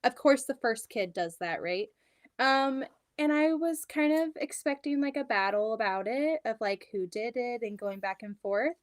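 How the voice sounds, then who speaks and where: A woman's voice: on the high side, animated, normal speed. A woman in her thirties chatting casually on a home quilting livestream, rambling about her kids and reading out viewer comments. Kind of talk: casual chat on a live stream. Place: home sewing room.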